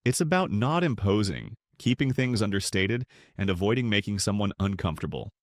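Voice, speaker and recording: A man narrating a scripted documentary with a measured, rhythmic delivery that pauses between listed items. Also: fairly low pitch, animated, dry recording, studio quality.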